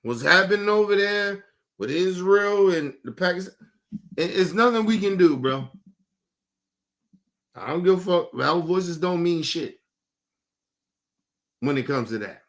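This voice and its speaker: A man with a high, bright voice hosts a live stream. He rants bluntly in casual commentary, with plenty of profanity, and his voice keeps jumping higher as he presses his points. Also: unhurried, long pauses. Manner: blunt, profane, animated ranting. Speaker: streamer host.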